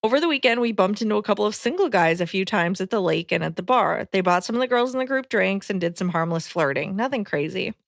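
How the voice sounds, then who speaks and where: A woman's voice: medium pitch, lively intonation, fast talker, creaky, hardly any pauses, no echo, studio quality. A woman co-hosting a podcast, reading a listener letter and chatting casually. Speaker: podcast co-host.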